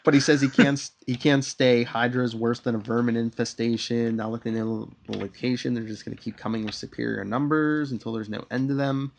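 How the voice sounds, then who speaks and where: Podcast co-host, male, mid-pitched, casual recap voice that slips into loose dramatic readings of villain lines. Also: steady tone, a little fast, vocal fry, hardly any pauses. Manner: retells scenes, reading villain lines aloud with loose theatrical flair. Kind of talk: casual chat, recapping a comic.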